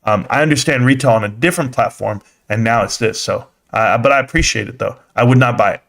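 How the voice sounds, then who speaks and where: A man's voice: mid-range voice, fast, creaky, fairly bright tone. A young adult man hosting a casual livestream about stocks. He talks bluntly and animatedly, answers chat comments straight back, and laughs often.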